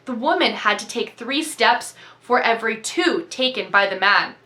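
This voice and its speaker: Woman storyteller, bright and crisp, reading aloud with steady expression. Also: a little high, normal speed. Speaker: reader.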